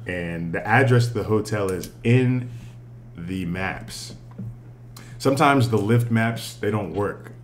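A man co-hosting a podcast, telling a travel story with lively, casual swearing. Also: on the low side, slow pace, a little hiss or hum. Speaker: podcast co-host. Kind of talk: casual chat.

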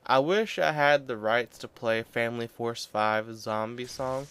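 Smooth-voiced young man rambling over gameplay. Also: medium pitch, a little slow, few pauses, a bit bright. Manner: rambling, offhand and joking. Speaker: gameplay commentator. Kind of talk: casual gaming commentary.

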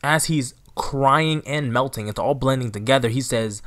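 A man's voice: mid-range voice, moderate pace, hardly any pauses, fairly bright tone. Chatty man recapping a comic chapter. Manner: chatty, checks in with "right?" and "you know"; speaks straight to viewers. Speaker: anime recap channel host. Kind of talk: casual chapter recap commentary.

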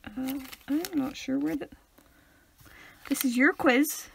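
A woman's voice: high voice, steady tone, slow pace, creaky, long pauses, a little hiss or hum. A young woman co-hosting a casual podcast, playful and giggly, sometimes dropping into a half-whisper. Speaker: podcast co-host. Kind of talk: casual chat.

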